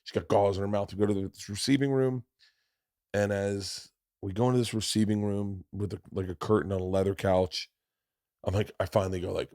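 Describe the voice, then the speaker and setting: A middle-aged man hosting a podcast, telling a long story in a casual, profane way and swinging from loud to hushed. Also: on the low side, brisk, no room sound, clean studio sound. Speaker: podcast host.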